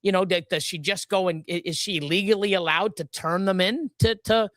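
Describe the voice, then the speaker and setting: A woman's voice: lowish voice, moderate pace, no echo. Brief: woman host, angry profane rant, restarts often, dry close mic. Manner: furious, profane, many restarts. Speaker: livestream host. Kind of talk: angry live-stream rant.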